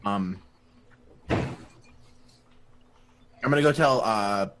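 A man's voice: on the low side, extremely slow, fairly bright tone. A man as a player in a tabletop game, talking hesitantly with many fillers like "um" and "like". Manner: hesitant, lots of "um" and "like". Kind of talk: casual tabletop play.

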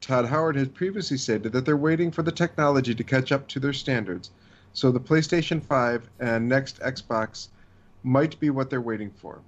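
A man co-hosting a podcast, reading a listener email and chatting in a measured way. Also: mid-range voice. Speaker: podcast co-host. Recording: dull lo-fi sound.

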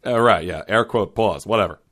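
A man's voice: lowish voice, brisk, fairly bright tone. A man voicing a boisterous, dim-witted knight who rambles with many fillers, in an audio drama. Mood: brash.

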